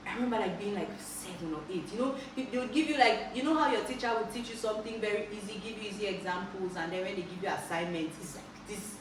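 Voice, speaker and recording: Speaking in Nigerian English, a young woman vlogger casually tells her audience stories from her childhood, animated, laughing often, and breaking into high exclamations. The audio has echo from the room, a faraway mic, and some background noise.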